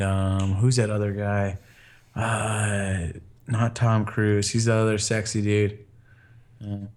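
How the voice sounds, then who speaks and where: A man with a fairly low pitch and a darkish tone co-hosts a casual podcast. He tells rambling stories and acts out what other people said.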